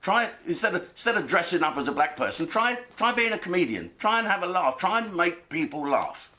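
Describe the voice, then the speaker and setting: A man's voice: high voice, very animated, a little fast, bright, forceful tone. A man, a comedian, delivering an angry monologue to camera full of swearing and rhetorical questions.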